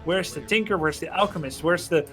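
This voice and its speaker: Dutch-accented guy casting a game live, high voice, breaks down every move. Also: fairly quick, soft background music. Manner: animated, analytical. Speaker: esports caster.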